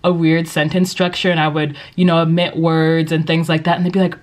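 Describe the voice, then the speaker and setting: A woman's voice: deep voice, flat delivery, a little fast. A young woman who teaches English, giving casual advice in a vlog, chatty and upbeat with lots of likes and you-knows. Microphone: compact vlogging camera.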